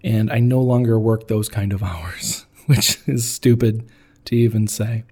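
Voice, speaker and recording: Male host, unhurried and husky, frank casual delivery. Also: lowish voice, steady tone, dark tone. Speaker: interviewer. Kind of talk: candid interview questions.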